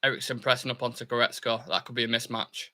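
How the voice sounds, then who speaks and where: A young man with a mid-range voice talks fast as he hosts a live football watchalong for his fan channel. He chats loosely, reads viewers' comments aloud, and cheers his team on with excitable bursts.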